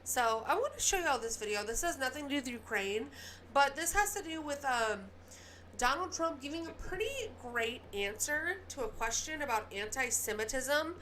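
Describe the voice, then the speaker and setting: Southern woman news host, heated ranty delivery, pitched a bit high, soft hiss behind. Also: lively intonation. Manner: heated ranting with quick apologies. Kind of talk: casual news commentary.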